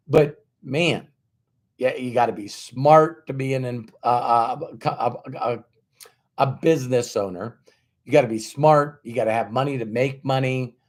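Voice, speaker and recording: Emphatic male motivational speaker. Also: mid-range voice. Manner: emphatic, repeats words for stress, acts out quoted dialogue; conversational with frequent fillers and rhetorical questions. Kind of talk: motivational talk with storytelling.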